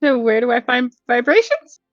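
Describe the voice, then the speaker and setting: A woman's voice: a little high, sing-song, normal speed, no echo, faint music behind. Chatty woman player, lo-fi sound. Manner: chatty, rambling, with many fillers. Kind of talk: casual tabletop play.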